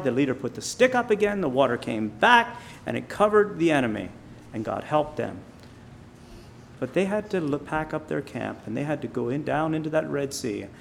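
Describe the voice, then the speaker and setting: A man preaching an informal sermon, building up loud on key phrases and dropping quiet on others. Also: fairly high pitch, creaky, a little hiss or hum. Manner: emphatic, rising loud on key phrases, slowing on quiet points.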